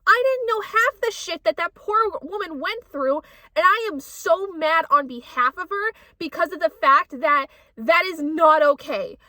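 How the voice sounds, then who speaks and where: Woman vlogger, high bright voice, heated and sweary, on the go, dry close sound. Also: no echo. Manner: heated ranting, swears often. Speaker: book vlogger. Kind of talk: casual vlog chat. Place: out running errands, on the go.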